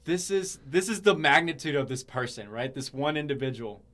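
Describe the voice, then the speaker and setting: A man's voice: fairly high pitch, lively intonation, normal speed, a bit bright. A young adult man hosting a podcast, chatting casually in an earnest, rambling way full of fillers and restarts. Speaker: podcast host. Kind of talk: casual chat.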